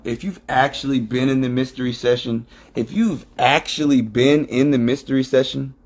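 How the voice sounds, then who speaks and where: A man's voice: mid-range voice, husky. A man hosting a livestream, talking in a profane, emphatic, preachy monologue into his phone. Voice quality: heavy swearing, emphatic and preachy. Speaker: livestream host.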